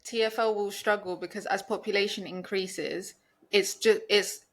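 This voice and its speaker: A woman's voice: mid-range voice, steady tone, normal speed. A young woman co-hosting a podcast, talking casually and rambling with many restarts and fillers. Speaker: podcast co-host. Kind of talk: casual chat.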